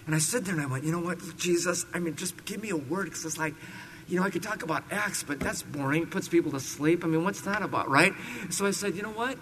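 A man from California telling a lively, self-deprecating story as a preacher, building to emphatic bursts. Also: on the high side, fast talker, slight background noise. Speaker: preacher sharing a testimony. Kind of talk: storytelling sermon.

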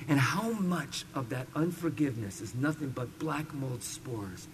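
A man from California telling a lively, self-deprecating story as a preacher, building to emphatic bursts. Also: medium pitch, a little slow, slight background noise. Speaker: preacher sharing a testimony. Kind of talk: storytelling sermon.

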